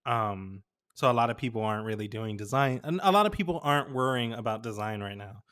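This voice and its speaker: A man's voice: mid-range voice, lively intonation, fast, fairly bright tone. A young adult man, a podcast co-host, chatting casually and telling stories in a rambling way full of fillers. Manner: rambling, filler-heavy storytelling. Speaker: podcast co-host, graphic designer.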